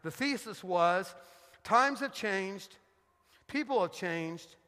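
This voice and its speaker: A middle-aged man preaching in a church, telling funny stories in an animated, joking way. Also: high voice, slow, long reverb tail. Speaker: guest pastor. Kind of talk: sermon with storytelling. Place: church sanctuary.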